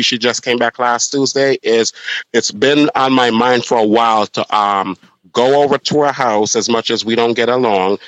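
A man's voice: medium pitch, no echo, poor audio. Man, casual chat, chatty storyteller, dry close sound. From Jamaica. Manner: animated storyteller, many restarts and ums. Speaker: podcast co-host, drag performer.

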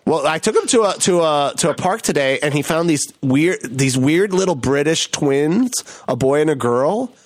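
A campy man hosting a podcast, full of animated stories and playful put-on voices. His voice sits a bit high, and the recording is close and dry, with no room sound. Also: moderate pace, hardly any pauses, no room sound. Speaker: podcast host. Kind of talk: casual chat.

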